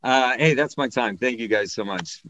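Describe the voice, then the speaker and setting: A man performing a stand-up comedy set, telling a story in an animated way and acting out the voices of the people in it. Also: medium pitch, moderate pace, highs cut off, a loud crowd.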